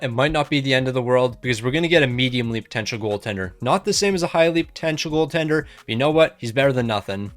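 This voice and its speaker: Young male gaming host, upbeat and wry, steady mid voice, commentary style. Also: mid-range voice. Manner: upbeat, joking. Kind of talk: hockey game commentary.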